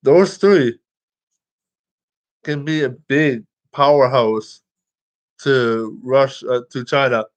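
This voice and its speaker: A man's voice: medium pitch, slow, pauses often. A man talking casually to his viewers, rambling, restarting lines and swearing freely. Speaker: vlogger.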